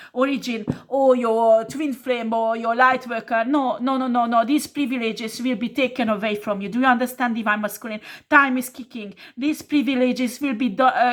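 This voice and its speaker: A woman's voice: fairly high pitch, fairly bright tone. Blunt, scolding woman tarot reader. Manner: non-native English phrasing. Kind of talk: tarot reading monologue.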